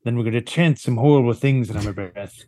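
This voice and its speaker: A man's voice: mid-range voice, quick pace, dark tone, no room sound, studio quality. A man playing a tabletop game, laying out his plans at length. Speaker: player.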